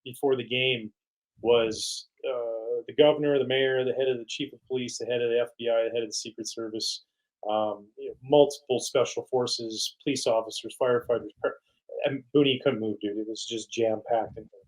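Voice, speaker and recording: A man's voice: medium pitch, moderate pace, poor audio. Middle-aged male guest, casual storyteller, mid-range voice, acts out the quotes. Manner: animated, quotes teammates in voices. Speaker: guest, retired pitcher.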